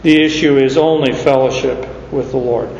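A middle-aged preacher from Arizona, USA tells stories at an unhurried pace in his sermon, rising sharply on key words. His mid-range voice is gravelly and darkish with fairly even intonation. The recording, made in a large hall or church, is muffled and echoey with slight background noise.

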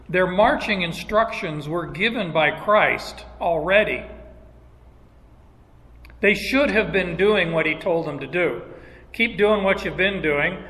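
A male pastor preaches in an unhurried, conversational way, dropping in folksy asides. His voice sits a bit high and rings bright, and a long reverb trails each phrase as if in a big church hall. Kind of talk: expository sermon.

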